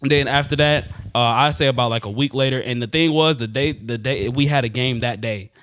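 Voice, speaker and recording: A man's voice: mid-range voice, fairly quick, slight background noise. Man telling a story with a laugh. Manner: animated, laughing, slangy storyteller. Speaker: podcast co-host. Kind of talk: casual storytelling chat.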